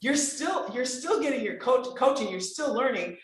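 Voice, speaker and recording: Animated woman voice coach, very echoey. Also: high voice, normal speed. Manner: animated, emphatic, swings between bright exclamations and soft earnest asides. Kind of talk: enthusiastic conversational podcast talk. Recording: very echoey room.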